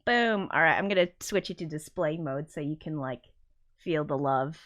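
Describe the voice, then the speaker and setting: Swearing, bright-voiced woman streamer. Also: sits low, moderate pace, lo-fi sound. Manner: swears constantly, rambling and self-mocking. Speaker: livestream host. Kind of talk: casual livestream chat.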